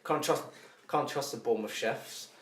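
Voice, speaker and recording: A man's voice: mid-range voice, moderate pace, fairly bright tone. A man co-hosting a podcast in casual chat, telling a rambling story, swearing a lot and laughing at himself. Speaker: podcast co-host. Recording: echoey room.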